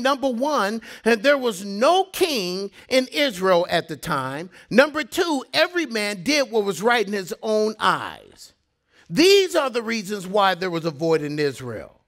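With a high-pitched voice and a measured pace, a man preaches an animated sermon. He tells stories full of laughing asides, and he drops to soft, hushed tones when stressing something.

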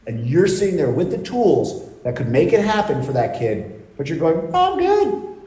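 A man's voice: fairly high pitch, sing-song, moderate pace, dark tone. A man, a business coach, challenging his client bluntly and with lots of swearing on a video call. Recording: echoey video call audio.

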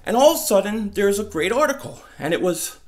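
A male sports vlogger with a loud, excitable manner who often shouts while doing a comedy bit and a fan rant. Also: sits high, a little fast.

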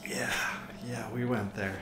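A man's voice: medium pitch, steady tone, a little slow. A man casually chatting while playing a horror game, teasing his nervous co-host. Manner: teasing, laughs at his co-host's fear. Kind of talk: casual let's-play chat. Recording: echoey room with faint hiss.

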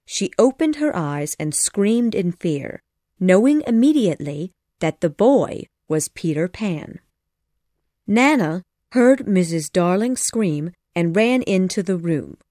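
A woman narrating a children's story audiobook in a measured, clear storytelling manner. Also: lowish voice, lively intonation, mellow, no echo, studio quality. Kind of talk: scripted narration.

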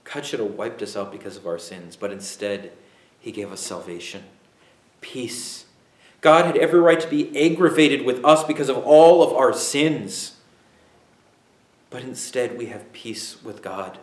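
A man preaching a sermon as pastor, emphatic, with dramatic pauses and acted-out asides. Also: mid-range voice, very animated, roomy sound.

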